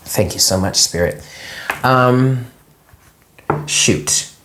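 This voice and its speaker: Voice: medium pitch, extremely slow, noisy background. A tarot card reader talking through a casual daily reading vlog in a rambling, chatty way, full of fillers and easily moved to emotion. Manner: gets emotional when telling a dream.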